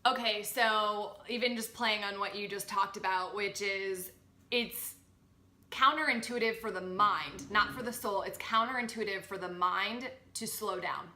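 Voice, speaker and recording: A woman talking as a podcast guest about spiritual growth, animated and expressive, acting out her inner voices. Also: mid-range voice, measured pace, reverberant. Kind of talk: spiritual coaching conversation.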